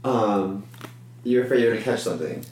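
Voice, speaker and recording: A man's voice: on the low side, quick pace, darkish tone. Rambling man in an echoey room. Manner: rambling, hesitant, filler-heavy. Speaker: podcast co-host, comedian. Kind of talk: casual chat.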